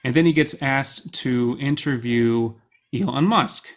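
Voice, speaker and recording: A young man co-hosting a podcast, chatting casually and excitedly, rambling and swearing freely. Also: medium pitch, unhurried. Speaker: podcast co-host. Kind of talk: casual chat.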